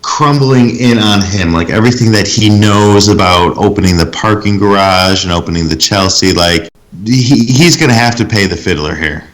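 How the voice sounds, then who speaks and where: A man with a low voice gives his take on a movie scene in a relaxed, drawn-out way. He leans on filler likes as he talks. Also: rough recording. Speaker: podcast co-host. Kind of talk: casual chat.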